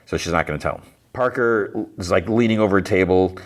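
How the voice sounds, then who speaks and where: A man's voice: low-pitched, brisk. A man hosting a podcast, casually recapping a TV episode in a rambling, filler-heavy way. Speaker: podcast host.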